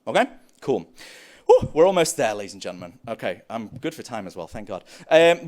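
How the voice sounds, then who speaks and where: A young man giving a live conference talk on developer tools, joking and acting out playful back-and-forth dialogue. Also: fairly high pitch. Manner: animated, jokey, acts out playful dialogue. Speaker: conference speaker.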